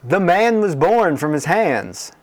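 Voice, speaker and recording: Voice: mid-range voice, very animated, takes it slowly, a little mellow. A comedy podcast co-host improvising a story and playfully egging on their partner.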